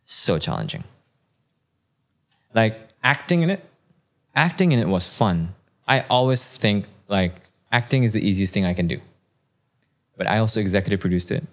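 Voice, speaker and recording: A man in his thirties, a podcast guest telling a long personal story in casual chat, animated and putting on the voices of people he quotes. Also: on the low side, normal speed, long pauses.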